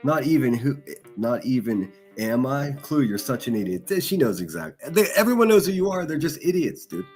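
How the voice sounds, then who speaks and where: A man's voice: medium pitch, sing-song, brisk, a little mellow, faint music behind. A man hosting a livestream, reading chat and mocking people with crude insults and laughter. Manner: insulting, sneering, laughs at own jokes. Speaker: livestream host.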